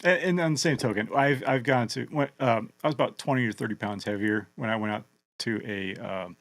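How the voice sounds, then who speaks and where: A man with an American accent co-hosting a podcast, talking in a relaxed, joking way with many "I mean" and "you know" asides. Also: medium pitch, brisk. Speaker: podcast co-host. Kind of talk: casual podcast chat.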